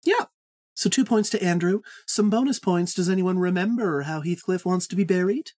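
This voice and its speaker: A woman's voice: fairly low pitch, normal speed, a little mellow. A woman hosting a podcast book quiz, playful, handing out points. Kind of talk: casual podcast chat.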